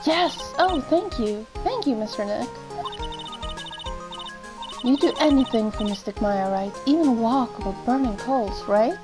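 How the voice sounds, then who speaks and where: A woman's voice: fairly high pitch, expressive, unhurried, over music. A woman voicing a polite, devoted little girl in a sweet, earnest way. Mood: eager.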